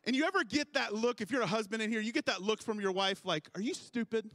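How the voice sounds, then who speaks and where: A man's voice: high-pitched, quick pace, fairly bright tone, no echo. A man in his thirties preaching a sermon, telling a self-mocking, joking story about his family. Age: 30s. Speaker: pastor.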